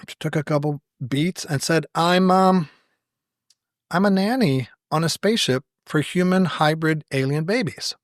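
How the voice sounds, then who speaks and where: A man's voice: fairly high pitch, no echo, studio quality. A man, a podcast guest, telling stories with wry humor and acting out quoted dialogue. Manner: animated storyteller who acts out quoted dialogue; wry, self-deprecating humor. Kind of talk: anecdotal storytelling in conversation.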